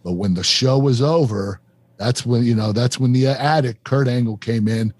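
A man's voice: medium pitch, moderate pace, darkish tone, no room sound. A middle-aged man, the host of the show, earnestly telling a confessional story in an interview, with plenty of fillers. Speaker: show host and former wrestler.

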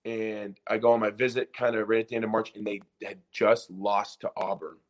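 A man in his twenties, a podcast guest and former college basketball player, telling a story in a casual, animated way with lots of "like" and restarts. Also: on the low side, a little fast.

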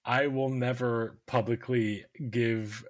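A man's voice: medium pitch, fairly even intonation, slow, dry recording. A man hosting a basketball podcast, chatting in a laid-back way, laughing often and swearing casually. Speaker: podcast host. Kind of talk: casual chat.

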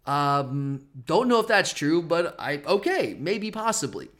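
High-voiced man hosting a podcast. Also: big pitch swings, a little slow, a bit bright. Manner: teasing, rambling with frequent restarts. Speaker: podcast host. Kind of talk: casual sports betting podcast chat.

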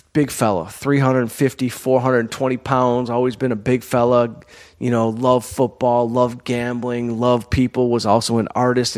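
A man hosting his own show, telling a personal story in a candid, conversational way, full of "you know" and "like.". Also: mid-range voice. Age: adult, college-educated comedian and performer. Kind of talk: casual storytelling monologue.

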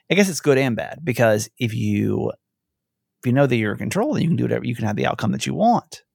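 A woman co-hosting a casual podcast, telling stories in an animated way with lots of "like"s. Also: rumbling low, brisk, creaky, long pauses, slightly rough, no room sound, studio quality. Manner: animated storyteller, many "like"s. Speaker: podcast co-host. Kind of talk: casual chat.

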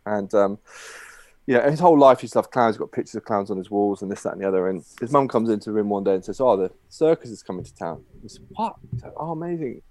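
A man's voice: fairly low pitch, animated, fast, a little mellow, no room sound. A man guest telling a long shaggy dog joke, rambling with many fillers and restarts.

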